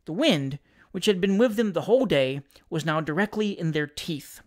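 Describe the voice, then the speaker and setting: An audiobook reader narrating a classic comic story with wry, expressive storytelling. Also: medium pitch, normal speed.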